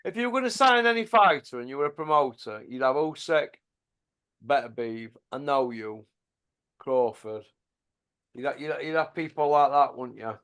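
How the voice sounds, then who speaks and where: A man's voice: mid-range voice, animated, normal speed, a bit bright, smooth. A man, blunt and mocking, chatting casually about boxing as a podcast host.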